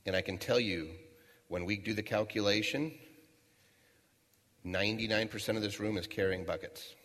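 A man's voice: lowish voice, steady tone, normal speed, a bit bright. A middle-aged man giving a motivational talk in a large hall, telling a folksy story and asking the audience rhetorical questions. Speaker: motivational speaker. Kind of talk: storytelling keynote speech. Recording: long reverb of a large hall.

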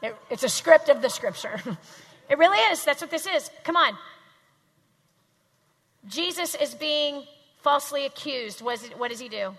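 A woman teaching a room full of people in an emphatic, animated way, pausing to have them repeat her lines back. Her voice is bright and forceful, and it rings with a long reverb through a big hall. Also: high voice. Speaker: speaker teaching a live audience. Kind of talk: faith-based teaching talk. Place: large hall with audience.

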